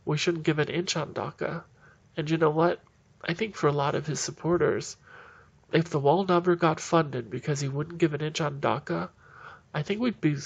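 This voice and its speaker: A man's voice: on the high side, vocal fry, husky, muffled recording. A man giving heated, indignant solo political commentary in a ranting manner.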